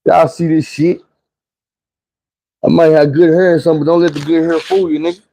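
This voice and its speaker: A man's voice: fairly high pitch, little pitch movement, brisk, vocal fry, dark tone, low-quality recording. Profane slangy man telling stories. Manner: loose, rambling delivery with restarts. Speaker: storyteller. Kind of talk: casual storytime monologue.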